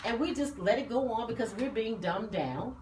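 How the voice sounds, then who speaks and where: A woman hosting a talk radio show, speaking in a passionate, preaching way and talking fast. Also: on the high side, animated, a little mellow. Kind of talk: casual talk radio discussion. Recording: roomy studio, mic at a distance, faint noise.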